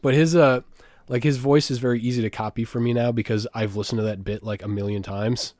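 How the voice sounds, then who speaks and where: Crude, joking young podcast co-host. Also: male voice, mid-range voice, fairly even intonation, a little fast, a little mellow, dry recording. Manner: crude, joking, swears often. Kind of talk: casual comedic chat.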